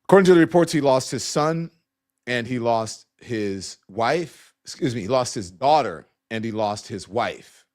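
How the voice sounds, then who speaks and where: A middle-aged man hosting a live news stream in a loose, conversational way. His voice sits at an ordinary pitch for a man. He often restarts his sentences and speaks in asides to his crew. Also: expressive, unhurried, darkish tone. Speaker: host of a live online news talk show. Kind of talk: live-stream news commentary with viewer shout-outs.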